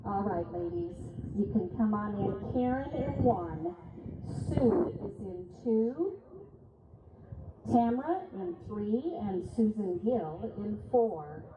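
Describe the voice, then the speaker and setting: Woman arena announcer, slow and deliberate, reading heats and rules; tinny, echoey PA sound. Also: medium pitch, expressive. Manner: measured, reads names and times deliberately, apologizes when she stumbles. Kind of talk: PA announcing results and rules at a rodeo event. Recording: echoey arena PA, phone-thin, noisy.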